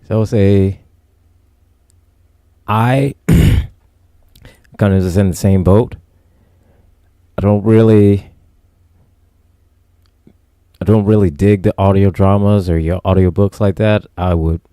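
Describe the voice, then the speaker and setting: A man with a very deep, mellow voice co-hosts a podcast in laid-back, rambling chat. The sound is dry and close, with no room echo. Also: steady tone, takes it slowly, long pauses. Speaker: podcast co-host. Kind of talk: casual podcast review chat.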